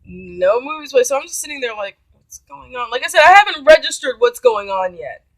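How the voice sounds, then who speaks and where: A woman's voice: sits high, expressive, a little fast, no echo, poor audio. A woman vlogger telling a story in a casual, blunt, profane way.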